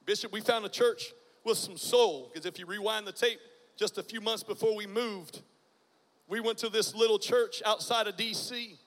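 High bright-voiced preacher in a reverberant hall. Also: male voice, fairly even intonation, moderate pace. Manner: dramatic, swings from hushed to loud bursts. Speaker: guest preacher. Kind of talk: testimony sermon.

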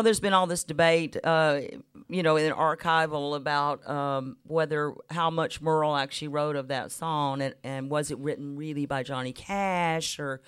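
A woman in her fifties, a guest musician on a radio show, telling lively stories with frequent laughs and little voice impressions. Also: deep voice, clean tone. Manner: warm laughing anecdotes, mimics voices. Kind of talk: chatty storytelling interview. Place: radio studio.

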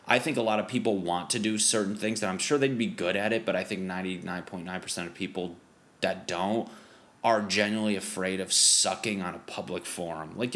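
A young man with a very deep voice rambles through a casual podcast chat. He swears freely and leans on fillers, circling back on his thoughts as he goes. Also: a bit bright. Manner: loose, rambling, profane, lots of fillers. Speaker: stand-up comic and podcast host.

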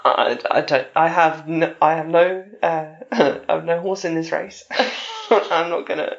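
A woman guest in a casual podcast chat, rambling and self-deprecating, with a gravelly edge and a giggly manner. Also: deep voice, unhurried. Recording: dull lo-fi sound.

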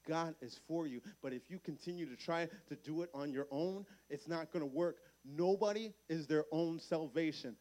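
High-voiced energetic youth preacher man. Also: moderate pace, hardly any pauses. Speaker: camp speaker. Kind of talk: youth sermon. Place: camp meeting hall.

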